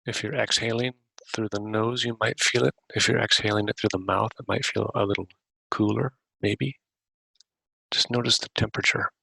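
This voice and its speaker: A man hosting a podcast, gently guiding a breathing meditation with unhurried questions to the listener. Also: fairly low pitch, fairly even intonation, gravelly, slightly rough, dry recording, rough recording. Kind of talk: guided meditation.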